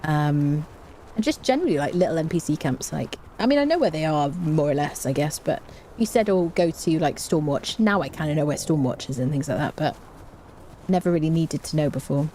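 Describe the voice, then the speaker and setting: A woman's voice: sits low, expressive, a little fast, warm tone, a little hiss or hum. A woman streaming a game live, chatting casually with her viewers and humming little tunes to herself.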